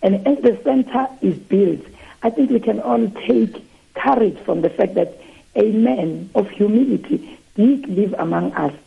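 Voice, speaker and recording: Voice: medium pitch, lively intonation, a little slow, creaky, husky. A trustee from South Africa calling a radio show, speaking earnestly and reflectively. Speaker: caller, trustee. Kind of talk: impassioned phone-in comment. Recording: tinny phone line.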